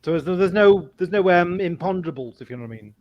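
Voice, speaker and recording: A man's voice: sits high, animated, fast, muffled recording. A man in a casual livestream chat, rambling and chatty, with apologetic asides.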